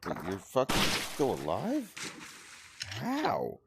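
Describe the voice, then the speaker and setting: A man's voice: medium pitch, huge pitch swings, takes it slowly, noisy background. A young man giving casual gameplay commentary, swearing a lot and grumbling at the game in frustration. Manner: frustrated, profane, talks to the game. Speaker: gaming streamer.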